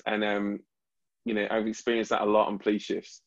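A man's voice: fairly low pitch, level tone, a little fast, vocal fry, fairly bright tone. Hesitant man, slightly muffled recording. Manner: hesitant, searching for words with many fillers. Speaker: podcast host, psychologist. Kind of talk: reflective conversation. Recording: slightly dull lo-fi audio.

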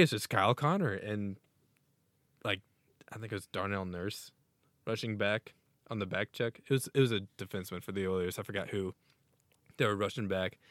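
Excitable rambling man, low dry voice. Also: dry recording. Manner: excitable, rambling, laughs often. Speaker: podcast co-host. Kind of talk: casual sports chat.

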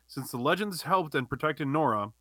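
A man's voice: fairly high pitch, expressive, moderate pace, fairly bright tone, dry recording. A man co-hosting a podcast, reading a listener's email aloud with side comments. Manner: reads steadily, adding side comments. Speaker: podcast co-host.

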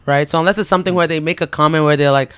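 A man's voice: a little high, rapid-fire, clear, resonant tone, dry recording, studio quality. A man who teaches English, telling stories in a casual group chat and acting out what other people said. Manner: animated storyteller, quotes others.

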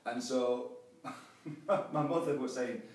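A man's voice: medium pitch, takes it slowly, a little hiss or hum. A man with a Yorkshire accent, a coach speaking as a guest in a casual interview, telling stories with frequent restarts. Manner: lively storyteller with frequent restarts. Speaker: guest, life and business coach. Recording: roomy and distant mic.

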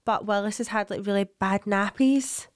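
A woman on a podcast, putting in dry, questioning comments during casual chat. Her voice is smooth and clear, recorded close with a dry sound. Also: medium pitch, steady tone, normal speed, no room sound. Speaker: podcast co-host.

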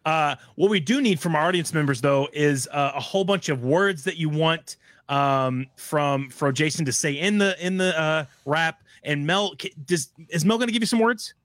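A man's voice: on the high side, moderate pace, fairly bright tone, dry recording, clean studio sound. A man hosting a casual live-stream chat, easygoing, reading out viewer comments. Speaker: host.

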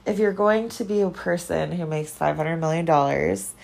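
Woman host, lower voice, chatty and profane, rambling casual talk. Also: normal speed, gravelly, a little mellow. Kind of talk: casual chat.

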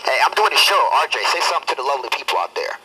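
A man hosting his own show on a phone chat line, loud and excitable, always scolding callers to watch their mouth. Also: medium pitch, rapid-fire, breathy edge, low-quality recording. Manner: excitable, keeps repeating "hey, hey, watch your mouth".

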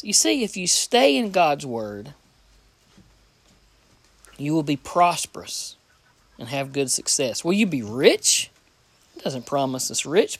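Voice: medium pitch, big pitch swings, slow, pauses often, dry recording. A preacher giving a plain-spoken, folksy sermon, reading scripture aloud and repeating phrases for emphasis.

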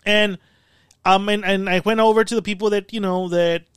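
High, smooth-voiced profane podcast host. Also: male voice, normal speed, dry recording, clean studio sound. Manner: profane, animated storytelling. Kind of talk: casual podcast chat. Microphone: studio mic.

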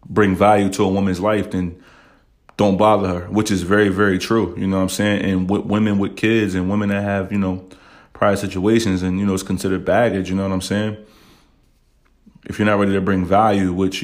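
A man with a fairly low voice hosts a casual podcast rant. He talks bluntly and emotionally, swears constantly, and keeps checking in with "you know what I'm saying.". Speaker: podcast host.

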